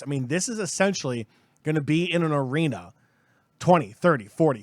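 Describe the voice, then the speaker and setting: A man's voice: a little high, dry recording. A man co-hosting a gaming podcast, ranting heatedly and emphatically and hammering points home through repetition. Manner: heated, emphatic, repeats himself. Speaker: podcast co-host. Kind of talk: opinionated podcast rant.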